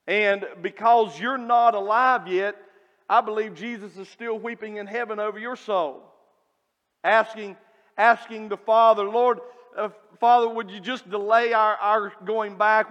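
A man preaching a sermon in a church, emphatic, with big swings in loudness and slow, drawn-out lines. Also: sits high. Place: church sanctuary. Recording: long hall reverb.

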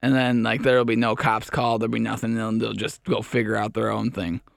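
A man's voice: lowish voice, little pitch movement, fairly quick, creaky, dry recording. A man co-hosting a podcast in loose, rambling chat. His delivery is playful and jumps around, and the sound is dry and close to the mic. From Chicago area. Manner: rambling, playful, puts on loud yelling voices. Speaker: podcast co-host. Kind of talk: casual chat.

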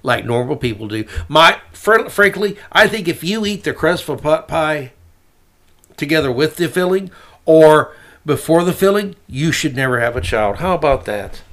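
A man's voice: on the high side, lively intonation, moderate pace, a bit bright. A man hosting his own opinion podcast, talking in a sarcastic, mocking way. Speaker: podcast host.

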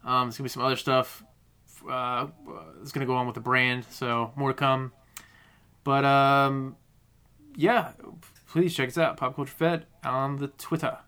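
Male podcast host, bright tone, easygoing rambling chat. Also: medium pitch, flat delivery, unhurried, clear, resonant tone. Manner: laid-back, rambling with fillers. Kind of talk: casual chat.

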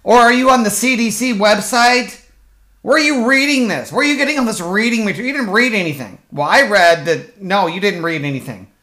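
In a solo comedy monologue, this podcast host talks fairly quickly in a mid-range voice that sounds pushed and bright, with lively intonation. The rant is sarcastic and profane, full of fillers, restarts, and mocking impressions as it rambles on.

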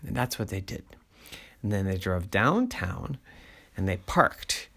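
A man narrating a bedtime story to children in a slow, animated way. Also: deep voice, creaky, slightly rough.

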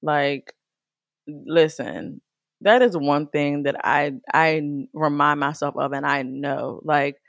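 A woman talking casually to her viewers about faith and stress, chatty and animated, calling the listener girl. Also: low voice, takes it slowly, creaky, dry recording, clean studio sound. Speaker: faith vlogger. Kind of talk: casual faith talk to camera.

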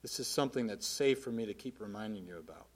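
A man preaching a sermon in an earnest, plainspoken way, swinging from forceful emphasis to quiet asides. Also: on the low side, animated, fast.

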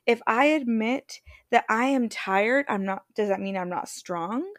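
A middle-aged woman hosting a motivational podcast, candid and emphatic, slowing down to stress repeated phrases. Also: on the high side, no room sound, studio quality. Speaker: podcast host and healer.

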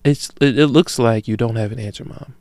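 Podcast host, thirties, male; smooth, dry close-mic sound; profane storyteller who acts out both sides of a conversation. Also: medium pitch, a little fast, no room sound. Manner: profane, animated storytelling with imagined dialogue; grows loud and heated when worked up. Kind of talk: solo rambling podcast talk.

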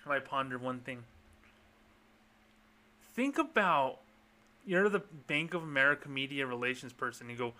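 Man, podcast host, sarcastic rant, profane, bright tense tone. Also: mid-range voice, expressive, normal speed, pauses often. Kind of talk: casual ranting podcast.

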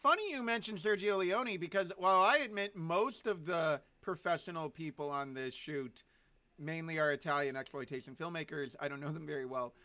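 A man co-hosting a podcast, his voice pitched high and bright. He talks in a loose, joking way and tells animated stories to his co-hosts. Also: normal speed. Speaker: podcast co-host. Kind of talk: casual chat.

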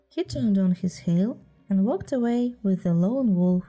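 A woman narrating a storybook tale in a gentle, measured reading. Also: mid-range voice, lively intonation, soft background music.

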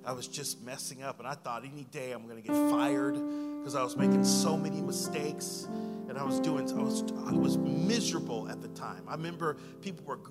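A male pastor delivers a sermon in an ordinary mid-range voice, dropping to hushed lines and rising to loud, excited ones. His voice rings with a long hall reverb while a guitar plays loudly underneath. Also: mid-range voice, fairly quick. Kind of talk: sermon with personal story. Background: loud guitar playing.

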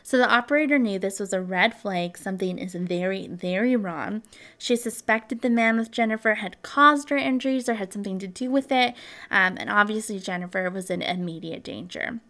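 A woman's voice: mid-range voice, moderate pace, bright, forceful tone. A woman hosting a true crime podcast, telling the story casually and animatedly, with frequent ums and likes.

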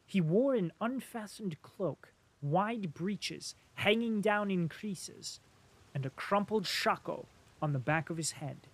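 A man reads a classic novel aloud in a slow, measured way. His voice sits somewhat high for a man and stays steady through the narration. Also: slightly rough. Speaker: audiobook narrator. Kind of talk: scripted narration.

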